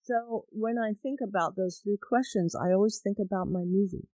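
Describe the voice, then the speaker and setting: A woman guest on a podcast, telling personal stories in an animated way and acting out her own thoughts. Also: medium pitch, normal speed, no echo, low-quality recording. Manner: animated, acts out quoted thoughts. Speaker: guest therapist. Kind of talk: conversational storytelling.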